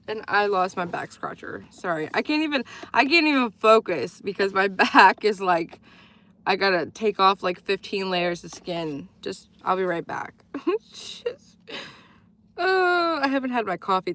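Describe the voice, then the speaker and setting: A woman's voice: medium pitch, a bit bright. A woman hosting a casual livestream, chatting in a rambling way and laughing often as she reads viewer comments. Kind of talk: casual live chat.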